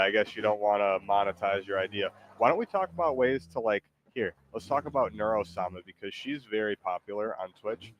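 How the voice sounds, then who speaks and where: A man with a fairly low, animated voice streams a video game, chatting casually at a fairly quick clip with few pauses. He's playful and rambling, using lots of fillers, and there's noise in the background.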